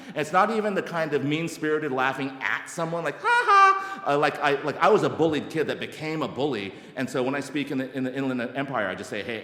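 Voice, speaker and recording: Animated man in his sixties, echoey hall. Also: mid-range voice. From Alabama, United States. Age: 60s. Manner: animated, self-mocking, many restarts and acted-out quotes. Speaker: speaker at a recovery meeting. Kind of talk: personal testimony talk. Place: large meeting hall.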